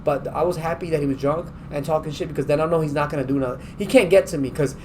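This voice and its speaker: Fast-talking high-voiced man telling stories. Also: a little hiss or hum. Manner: animated storytelling, acts out quotes, swears a lot. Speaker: podcast co-host. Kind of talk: casual chat.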